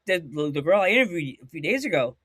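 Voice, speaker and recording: An American man hosting a podcast interview, gushing and animated, acting out little voices as he talks. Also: sits high, fast, husky, no echo, clean studio sound. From United States. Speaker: podcast host. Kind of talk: excitable casual interview.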